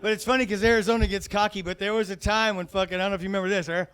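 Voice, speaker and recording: Male stand-up comic, higher voice, profane and chatty, comedy club set. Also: steady tone, very fast, hardly any pauses, fairly bright tone, slight background noise. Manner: profane, conversational, rambling.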